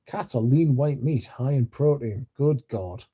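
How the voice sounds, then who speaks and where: A drowsy man rambling through a late-night livestream chat. His voice is very dark and mellow, with a husky edge, and he mumbles now and then as he reads messages aloud. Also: medium pitch, measured pace. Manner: drowsy, yawning, mumbles at times. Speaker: livestream host reading chat.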